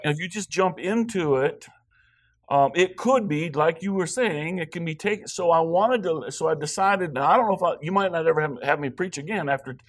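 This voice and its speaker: A man's voice: a little high, a little fast. A guest preacher from Wyoming, a man rambling with joking asides in a church sermon before reading scripture.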